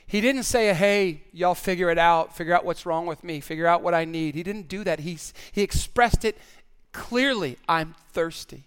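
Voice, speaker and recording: A man's voice: high-pitched, normal speed, hardly any pauses, fairly bright tone, clean tone. A male pastor preaching a sermon in an earnest way, often repeating words as he stresses a point.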